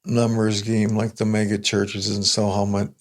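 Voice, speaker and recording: An older man, a podcast guest, talking in a plain-spoken, reflective and unhurried way in casual conversation. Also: fairly low pitch, completely flat delivery.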